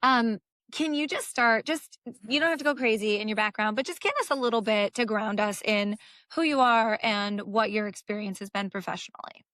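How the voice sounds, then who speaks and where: A woman hosting a podcast chat, with a squeaky voice and an upbeat, enthusiastic way of talking. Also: normal speed, fairly bright tone, no echo. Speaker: podcast host. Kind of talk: casual chat.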